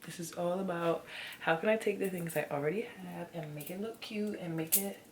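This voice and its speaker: This is casual vlog chatter from a woman in her twenties who makes lifestyle content in her bedroom. She's expressive and addresses everyone as "y'all," with a somewhat low voice at a moderate pace that now and then falls to a whisper. Noticeable hiss sits under the homemade audio.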